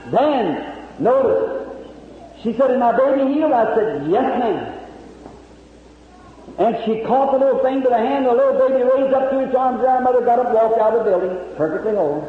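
A man with a very high voice delivers a revival sermon as fervent storytelling in plain rural speech. The old recording sounds thin and narrow, like a phone line. His voice rings through a huge echoing hall with a long reverb tail. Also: moderate pace, a little hiss or hum. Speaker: evangelist preacher. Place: large meeting hall with audience.

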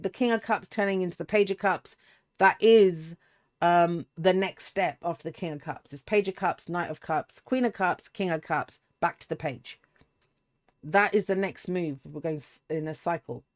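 A woman, giving a casual, rambling tarot reading full of asides and restarts. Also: fairly low pitch. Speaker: tarot reader.

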